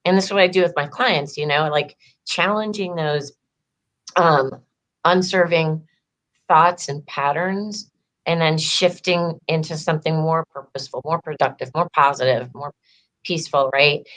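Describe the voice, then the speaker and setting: Her voice is low and fairly bright, moving at a moderate pace. In a casual interview, this female empowerment coach tells her story conversationally, leaning heavily on "like" and performing quoted dialogue.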